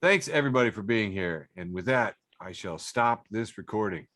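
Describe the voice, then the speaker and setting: A man's voice: on the low side, normal speed. A man hosting a casual comedy podcast, reading out funny posts and laughing often between them. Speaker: podcast host.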